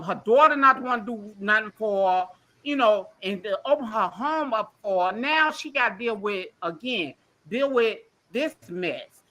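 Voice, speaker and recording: A woman with a fairly high, bright and forceful voice phones into a livestream. She's emotional, ranting bluntly and rambling, with lots of swearing.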